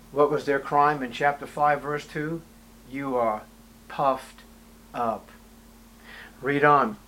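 A man preaching an expository sermon, reading scripture aloud in old wording and firing rhetorical questions, his voice swinging from loud to hushed. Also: a little high. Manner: reads scripture aloud in King James wording.

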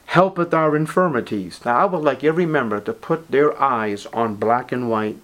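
A middle-aged man preaching a sermon as pastor, with impassioned delivery, dramatic pauses and scripture read aloud. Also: mid-range voice, a bit bright.

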